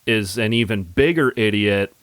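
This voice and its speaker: A man's voice: on the low side, moderate pace, fairly bright tone, dry recording. A man co-hosting a podcast, talking about a movie with enthusiasm, saying "dude" and "like" often and laughing. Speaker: podcast co-host. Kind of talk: casual movie discussion.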